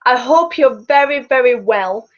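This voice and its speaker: A woman, a fitness coach, chatting casually to her webcam from a small quiet bedroom, rambling a little and stumbling over words. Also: sits high, expressive, unhurried. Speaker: fitness coach and public speaker. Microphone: computer mic on a video call. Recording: dull lo-fi webcam audio.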